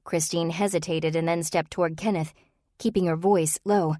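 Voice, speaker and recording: A woman reading a cozy mystery novel aloud in a steady, even manner. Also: on the low side, fairly quick, no echo, studio quality. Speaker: audiobook narrator. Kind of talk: scripted narration.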